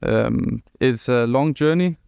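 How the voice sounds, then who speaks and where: A man answering as a guest esports player, calm and measured. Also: mid-range voice, creaky, clear, resonant tone, no echo.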